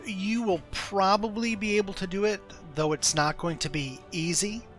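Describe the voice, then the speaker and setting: A man running a tabletop game as game master, narrating in a relaxed, loose way with many fillers. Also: high-pitched, normal speed, soft background music.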